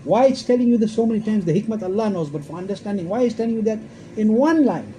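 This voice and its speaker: With a high-pitched, expressive voice and a quick pace, an Islamic scholar delivers a forceful religious talk over background noise. He quotes Arabic verses, asks rhetorical questions, and keeps restating his points.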